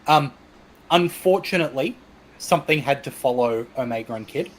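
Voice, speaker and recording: A man's voice: medium pitch, animated, moderate pace. An Australian man co-hosting a wrestling podcast, steering the talk and reading out comments from the chat. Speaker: podcast co-host.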